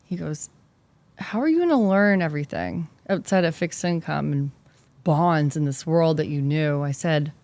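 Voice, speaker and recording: Fast-talking Boston woman, podcast guest. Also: low-pitched, dry recording. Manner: animated, talks fast in bursts with fillers. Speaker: investment specialist guest. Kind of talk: casual interview storytelling.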